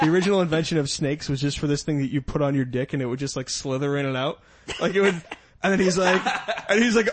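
A man's voice: fairly high pitch, quick pace. A man riffing crude improvised comedy, rambling and profane, often acting out the characters in his story.

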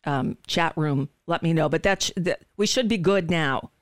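A blunt, indignant woman hosts a political talk stream and swears without hesitation, tripping over her own restarts. Her voice sits low and comes through smooth and resonant. The studio microphone gives it a dry, close sound. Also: moderate pace, no echo. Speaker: talk show host. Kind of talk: livestream political commentary.

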